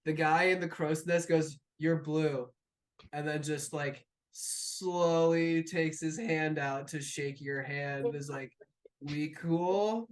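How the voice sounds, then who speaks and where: A man's voice: fairly high pitch, little pitch movement, takes it slowly, hardly any pauses. A man narrating a tabletop game as game master in a rambling, casual way full of fillers.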